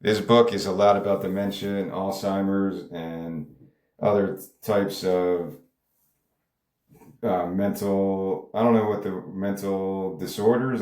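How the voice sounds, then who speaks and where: A man's voice: sits low, steady tone, a little slow, a little mellow, echoey room. A songwriter talking casually about his music, rambling and stopping himself, with many fillers along the way. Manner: rambling, self-interrupting, frequent filler words. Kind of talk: casual monologue.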